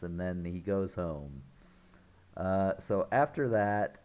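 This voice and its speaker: Slow, low-voiced man chuckling through a recap. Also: a little mellow. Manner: chuckles often while retelling scenes; rambling, loose retelling with restarts. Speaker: online film reviewer. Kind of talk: casual spoiler recap.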